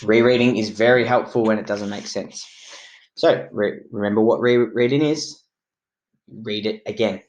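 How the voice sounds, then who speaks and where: Calm male teacher with a lowish voice. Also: dull audio. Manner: slow, clear, encouraging classroom delivery. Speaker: primary school teacher. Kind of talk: recorded remote reading lesson for children. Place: classroom.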